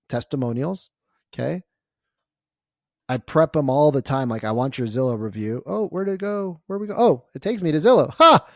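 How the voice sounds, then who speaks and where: A man coaching real estate agents in a casual walkthrough, energetic and constantly tagging his points with "right?". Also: medium pitch, dry recording, clean studio sound. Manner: acts out client conversations in storytelling bursts.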